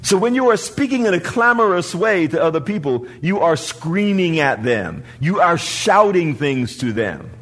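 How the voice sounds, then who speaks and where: Male pastor, high and lively voice, preaching in church, swings from hushed to shouting. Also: normal speed, few pauses. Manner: preaching with rising shouts and call-and-response. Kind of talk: sermon. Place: church before a congregation.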